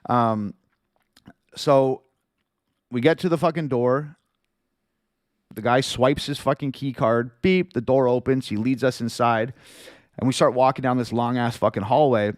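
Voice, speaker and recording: A man's voice: mid-range voice, a little slow, long pauses, no echo, clean studio sound. A man hosting a livestream, telling a story casually with heavy swearing and quoted back-and-forth. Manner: profane, animated storyteller. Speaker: livestream host.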